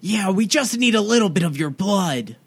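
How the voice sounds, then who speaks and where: A man playing in a tabletop game, speaking slowly. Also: sits high, animated, breathy edge. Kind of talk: tabletop role-play.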